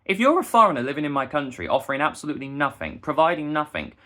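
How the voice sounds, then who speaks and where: Guy ranting at the camera, quick and fired up, voice jumping all over the place. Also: a little high, big pitch swings, sharp tone. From England. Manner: heated, indignant, emphatic. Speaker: busker and vlogger.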